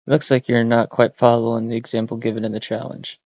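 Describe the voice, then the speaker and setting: Man, gravelly voice, flat delivery, thinking aloud, close dull lo-fi mic. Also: medium pitch, no room sound. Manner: muttering, wry, halting. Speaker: streamer coding on screen. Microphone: close desk mic.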